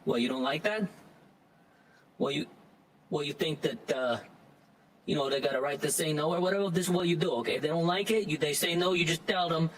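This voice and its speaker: A man's voice: on the high side, a little fast, pauses often, fairly bright tone, far from the mic, slight background noise, voice pushed up, close to an everyday voice, rough recording. A man voicing a pushy, threatening mafia-style angel messenger who talks in gangster patter. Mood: menacing.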